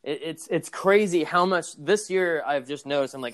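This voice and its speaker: A man's voice: on the high side, normal speed. A man co-hosting a wrestling podcast in casual chat, blunt and cynical, swearing now and then. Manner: cynical, blunt, laughs along. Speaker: podcast co-host.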